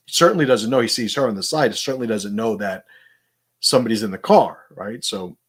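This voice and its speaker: Middle-aged guy rambling casually, kinda husky, lowish voice, lots of you knows. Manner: rambling, conversational, frequent fillers. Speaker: host. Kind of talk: casual monologue.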